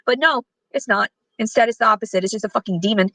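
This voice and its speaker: A woman's voice: fairly high pitch, quick pace, pushed and bright, no echo, low-quality recording. A woman ranting angrily to her camera, swearing often and rambling from point to point. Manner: profane, agitated, rambling. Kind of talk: angry rant to camera.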